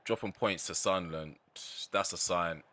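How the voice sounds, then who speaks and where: A gaming channel host gives live commentary over his own football video game match, often exasperated and ranting about how it's going. His deep voice is bright and forceful, at a moderate pace.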